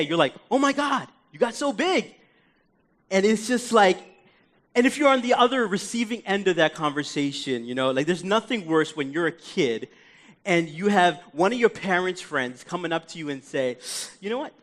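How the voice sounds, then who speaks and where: A young man delivers a church sermon in a loose, conversational way. His voice sits a touch higher than most men's, and his delivery stays animated, often sinking into a soft plea. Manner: conversational, animated preaching that drops to soft pleading. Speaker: pastor.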